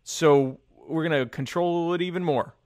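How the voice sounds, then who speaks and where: A man in casual political chat, rambling and sarcastic, with many halting restarts. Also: on the high side, darkish tone, no echo, studio quality.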